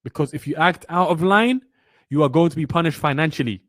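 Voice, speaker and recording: In a motivational webinar lecture, a young trading mentor speaks briskly in a fairly high voice, with no room sound. He's blunt and preachy, delivering his points passionately and repeating lines to drive them home.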